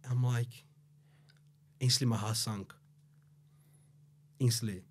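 A man's voice: mid-range voice, steady tone, measured pace, long pauses, darkish tone. Swearing, rambling Australian man. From Brazil, raised in Australia. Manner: rambling, heavy swearing, many fillers. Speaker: podcast guest. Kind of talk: casual storytelling interview.

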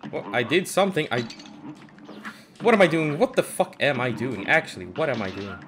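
A young man giving casual gaming commentary, swearing and frustrated, with loud outbursts. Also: medium pitch, very animated, a little fast, slight background noise. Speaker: gameplay streamer.

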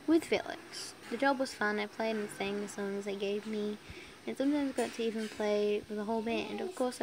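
A woman's voice: on the high side, noisy background. Giggly young woman reading fan fiction aloud. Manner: giggly, reacts often, stumbles over words. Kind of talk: reading a story aloud with commentary.

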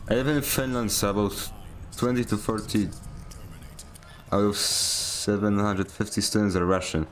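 Casual and joking, a young man rambles through a gaming stream, mocking himself and laughing often. He speaks at a moderate pace in a low-leaning, steady-toned voice, with faint background music.

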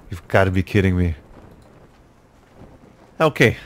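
A man's voice: deep voice, moderate pace, long pauses. A man giving casual, jokey commentary over his own gameplay, talking to himself with exasperated outbursts. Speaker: gaming YouTuber.

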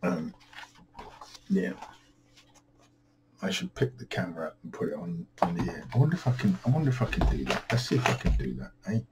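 A man's voice: low voice, big pitch swings, brisk, pauses often, heavy background noise. A tired man rambling through a home vlog, weary and self-deprecating, grumbling at himself. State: tired, yawning. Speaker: vlogger.

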